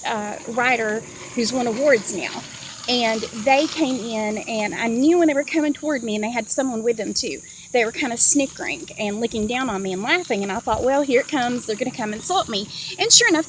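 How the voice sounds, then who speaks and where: A chatty woman with a slightly high voice tells a long story in a rambling way. She is sitting in a parked car and talks into a handheld phone camera. Faint hiss and insect noise sit behind her voice. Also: a bit bright, rough recording. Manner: chatty, rambling, many fillers and asides. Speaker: vlogger sharing dreams. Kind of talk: casual storytelling vlog. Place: inside a parked car on a hot day.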